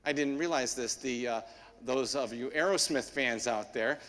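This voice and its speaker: A man, a priest, giving a homily in a church in a conversational storytelling manner with frequent pauses. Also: medium pitch, a bit bright. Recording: long church reverb.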